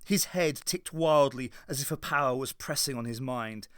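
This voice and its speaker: A man narrating an audiobook in a dramatic, measured reading. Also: medium pitch, fairly bright tone, smooth, no room sound, clean studio sound. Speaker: audiobook reader. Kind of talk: scripted narration.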